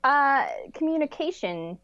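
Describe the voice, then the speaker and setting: A woman's voice: sits high, big pitch swings, a little slow, a bit bright, no echo. A woman guesting on a podcast, chatting animatedly with frequent laughs and hedging fillers. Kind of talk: casual chat. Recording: slightly dull lo-fi audio.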